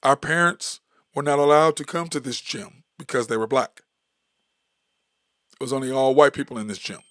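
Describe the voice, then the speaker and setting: A man's voice: mid-range voice, moderate pace, a bit bright, no echo, clean studio sound. A middle-aged man, hosting a casual sports talk show, telling stories emphatically and repeating his points. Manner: storytelling, emphatic, repeats phrases.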